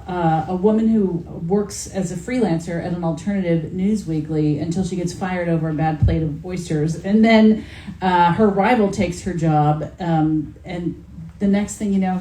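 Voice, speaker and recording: At a bookstore event, a woman author with a lowish, dark-toned voice chats casually, full of fillers and restarts. The recording has a roomy hall sound with faint background noise.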